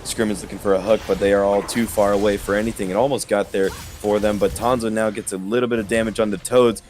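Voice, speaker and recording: A man giving steady, measured analysis as an esports color commentator, somewhat hoarse from losing his voice. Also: lowish voice, soft background music.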